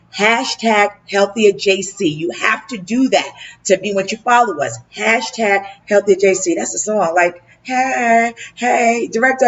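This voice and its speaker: Energetic woman host, slangy, hype delivery, mid-pitched. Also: muffled recording. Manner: hyped, slangy, fast-talking. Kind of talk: casual hosted talk show.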